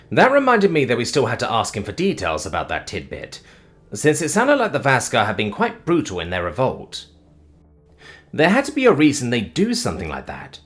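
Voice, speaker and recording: A man narrating a first-person sci-fi story in a wry, casual manner. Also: medium pitch. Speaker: audiobook narrator.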